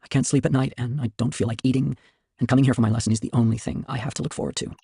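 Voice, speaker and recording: A man reading aloud and voicing a lonely teenage girl who pleads softly. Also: mid-range voice, fairly even intonation, rapid-fire, vocal fry, slightly rough, dry recording, clean studio sound. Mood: pleading.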